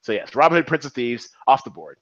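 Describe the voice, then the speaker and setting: Lively, rambling man on a muffled call. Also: medium pitch, quick pace, no echo. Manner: animated, rambling, profane. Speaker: podcast co-host. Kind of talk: casual movie chat.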